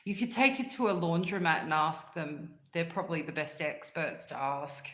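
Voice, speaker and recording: A woman's voice: low voice, expressive, moderate pace, a bit bright, reverberant. A woman hosting a livestream, chatting casually and answering live comments in a rambling way and laughing often. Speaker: livestream host.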